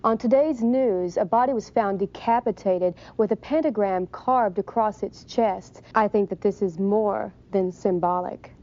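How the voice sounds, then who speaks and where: An actress playing a TV talk show host who presses a guest with pointed questions in a film clip. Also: female voice, medium pitch, measured pace, few pauses, dark tone, lo-fi sound, lightly acted. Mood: skeptical.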